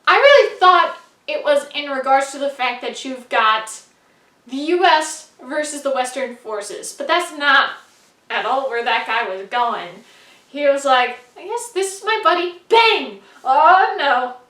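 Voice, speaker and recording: A woman's voice: high voice, lively intonation, measured pace, pushed and bright, echoey room, recorded from a distance. A woman giving a casual spoken movie review, chatty and full of "like" and "you know".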